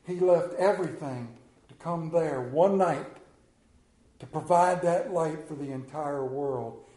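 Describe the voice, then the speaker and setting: A man delivers a sermon slowly, dropping from loud passages to hushed ones. His voice is dark and sits a little high for a man. The sound carries an echo from the room around him. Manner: slow, dramatic delivery swinging from loud to hushed. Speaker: preacher. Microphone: camera.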